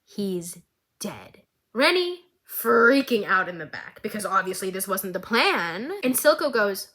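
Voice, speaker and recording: A woman with a bright, forceful voice recaps an animated series. She tells it dramatically and stays animated throughout, in a casual vlog. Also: mid-range voice, unhurried. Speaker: recap vlogger.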